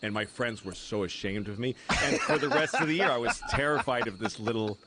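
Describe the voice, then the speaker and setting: A man's voice: medium pitch, lively intonation, a little fast. A man talking as a podcast guest. He rambles through long anecdotes and laughs at his own stories. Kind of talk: casual chat, telling anecdotes. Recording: podcast audio under loud background noise.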